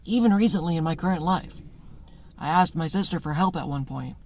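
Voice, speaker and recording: A man with a fairly high voice talks loosely to camera from his notes. He rambles in a conversational way. He acts out short voices inside his stories and laughs often. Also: a little fast, darkish tone. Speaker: spiritual content creator. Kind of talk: casual monologue.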